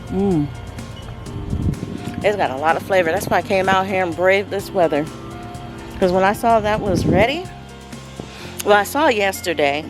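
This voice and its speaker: A middle-aged woman chatting casually to viewers from her backyard garden, speaking into a handheld phone camera. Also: fairly low pitch. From Southern California. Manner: chatty, addresses viewers as "you guys", savoring while tasting. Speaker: homesteading vlogger.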